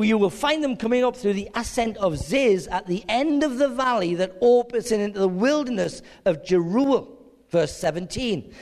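A man preaching a sermon, reading scripture aloud with dramatic emphasis. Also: very high voice. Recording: long reverb of a large hall.

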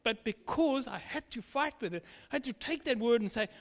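A man's voice: very high voice, animated, a little fast, long reverb tail. A man preaching a sermon, giving an emphatic personal testimony and acting out bits of dialogue.

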